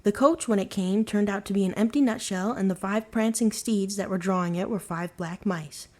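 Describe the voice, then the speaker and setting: Woman, bedtime story narrator, calm, even, mid pitch. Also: normal speed.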